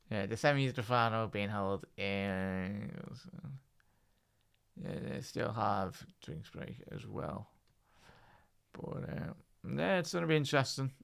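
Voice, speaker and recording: Smooth-voiced Scouse man chatting to viewers. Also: fairly low pitch, animated, slow, long pauses, a bit bright. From Liverpool, England. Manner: chatty, talks to viewers as "chat" and "lad". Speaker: live stream commentator. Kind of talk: casual live watch-along commentary.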